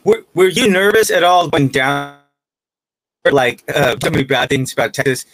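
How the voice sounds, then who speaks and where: Guy hosting a chill chat, kinda high voice, jokes around, trips on words. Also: animated, normal speed, fairly bright tone, rough recording. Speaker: host. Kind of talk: casual conversation.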